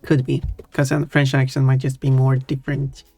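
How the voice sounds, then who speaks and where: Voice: mid-range voice, flat delivery, normal speed, a little mellow, husky, no echo. A streamer with a Swedish accent chatting casually on a live stream, thinking aloud and answering chat. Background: faint background music.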